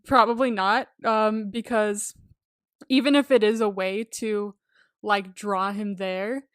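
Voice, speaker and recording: Expressive woman laughing through a dry recap. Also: mid-range voice, slow pace, clean tone, no room sound. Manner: expressive, laughs often, emphatic exclamations. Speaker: podcast co-host. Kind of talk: casual recap chat.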